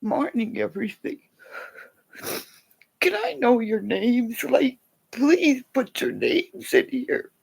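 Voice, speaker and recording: Woman livestreamer, rambling chat, swooping up and down in pitch, soft whispered asides. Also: sing-song, slow, vocal fry, pauses often, breathy edge. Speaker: livestream host.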